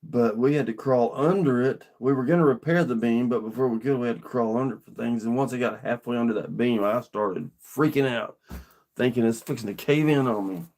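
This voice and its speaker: A man's voice: medium pitch, brisk, a little mellow. A middle-aged man, telling a personal story to camera in an earnest, rambling, plainspoken way. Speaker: vlogger.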